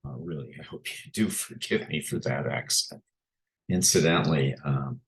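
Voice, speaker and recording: A man presents a talk with pictures in a very low, deep voice. He speaks slowly and deliberately, often pausing on ums and uhs as he gathers his thoughts. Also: vocal fry. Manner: unhurried, frequent filler sounds.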